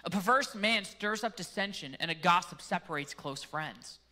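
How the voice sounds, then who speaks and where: A man's voice: high-pitched, lively intonation, normal speed, pushed and bright. A male pastor with a Canadian accent preaching a sermon in a casual way, with joking asides.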